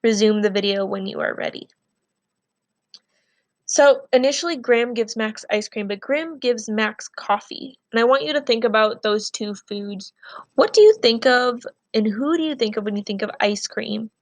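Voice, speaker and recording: A woman's voice: a little high, normal speed, dry recording. Woman teacher reading aloud in a lesson video. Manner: clear, patient classroom instruction with expressive reading.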